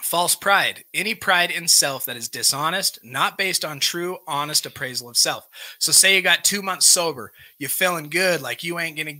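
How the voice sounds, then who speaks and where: This recovery meeting host has a somewhat high, sharp voice and keeps a moderate pace. Over a live stream mic, he plainly reads out character defects from a workbook, explaining them one by one to his group.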